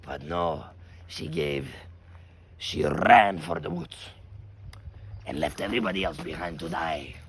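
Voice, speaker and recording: A deep-voiced man rambles through a crude comic tale, swearing freely and swinging his pitch all over. His voice is gravelly and heard from off mic in an echoey room. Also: a little slow, pauses often, recorded from a distance, a little hiss or hum. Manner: profane, rambling, animated. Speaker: storyteller.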